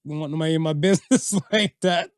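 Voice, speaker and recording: A podcast co-host of Jamaican family background chats casually in a dry room, an animated storyteller who acts out quotes in high voices. He talks fast, with a clean tone and no echo.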